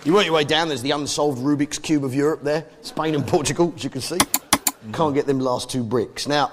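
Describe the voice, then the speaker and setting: A man's voice: fairly high pitch, steady tone, a little fast, a loud crowd, very noisy. An English man doing a stand-up set, brash and mocking as he banters with the audience. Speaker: stand-up comedian. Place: comedy venue on stage. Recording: live show with loud audience laughter.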